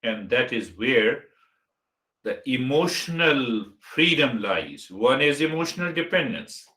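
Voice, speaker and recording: A man giving a meditation teaching talk as a spiritual teacher, speaking deliberately and listing words one at a time. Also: mid-range voice, sing-song, bright, forceful tone. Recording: roomy echo.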